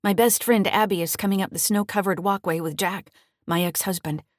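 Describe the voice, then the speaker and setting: A woman's voice: mid-range voice, fairly even intonation, brisk, dry recording, clean studio sound. Woman narrating a thriller audiobook. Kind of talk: scripted first-person narration.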